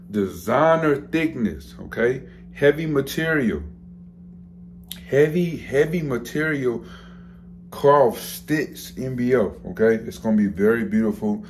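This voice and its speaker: A man's voice: lowish voice, slight background noise. A young man breeding dogs talks casually to a handheld camera, hyped and slangy and repeating himself over and over. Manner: hyped, repetitive, slangy, keeps repeating phrases. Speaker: dog breeder.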